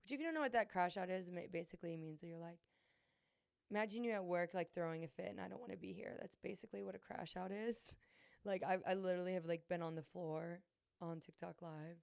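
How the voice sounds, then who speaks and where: A woman's voice: lowish voice, brisk, gravelly, a little mellow, smooth, no room sound, studio quality. A young adult woman hosting a podcast, talking candidly and earnestly about her struggles, with many fillers and restarts. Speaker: podcast host. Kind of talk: candid confessional chat.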